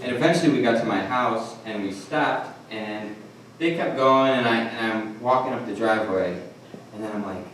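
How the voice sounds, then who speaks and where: A man's voice: lowish voice, a bit bright. Rambling young man telling a story on stage. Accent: Detroit. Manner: rambling, self-mocking, halting restarts. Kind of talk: live storytelling. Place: comedy club stage. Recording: echoey room from far off, noisy.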